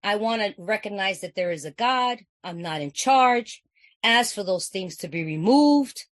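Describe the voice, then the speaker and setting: A woman's voice: medium pitch, expressive, unhurried, dry recording. A woman from California giving an earnest, conversational personal share at a recovery meeting, repeating phrases and often asking "you know what I'm saying".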